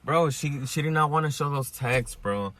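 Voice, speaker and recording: A man's voice: a little high, moderate pace, fairly bright tone. A young man in a casual podcast chat, rambling through a story, saying "bro" a lot and swearing freely. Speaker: podcast guest telling his story.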